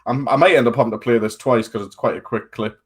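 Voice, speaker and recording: Animated British podcast co-host, full of banter. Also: male voice, mid-range voice, fast talker, breathy edge. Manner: animated, banter-heavy, says man a lot. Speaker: podcast co-host and football coach. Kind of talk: casual podcast chat.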